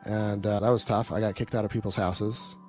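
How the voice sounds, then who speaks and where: A man's voice: on the low side, flat delivery, a little fast, a little mellow, soft background music. A man leading a live sales training, telling his own story in a blunt, casual, profane way and checking in with the audience.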